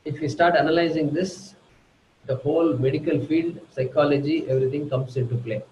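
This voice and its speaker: A man giving a slow, deliberate spiritual lecture, teaching through everyday examples. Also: fairly high pitch, a little mellow, echoey room, dull audio, slight background noise. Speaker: Vedanta teacher.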